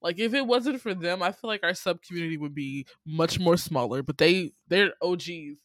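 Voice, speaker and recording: A young woman co-hosting a casual chat, telling stories in an animated way, acting out quotes and swearing freely. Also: lowish voice, normal speed, no echo, clean studio sound. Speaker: podcast co-host.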